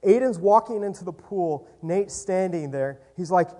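Guy telling a church trip story, lots of back and forth quotes, slightly high voice, animated. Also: normal speed. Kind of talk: storytelling testimony.

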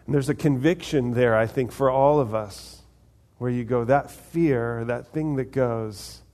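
Preaching in a mid-range, slightly mellow voice at a measured pace, this pastor keeps his sermon conversational. He quizzes the congregation and plays out short exchanges in the voices of God and ordinary people.

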